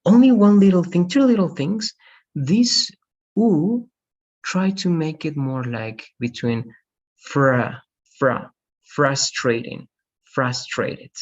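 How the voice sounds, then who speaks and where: A man runs an online English lesson, slowly modeling words and gently correcting his students. His voice is a little husky and the call audio sounds dull and lo-fi. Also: high-pitched, expressive. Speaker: English teacher. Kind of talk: online class, pronunciation coaching. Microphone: video call.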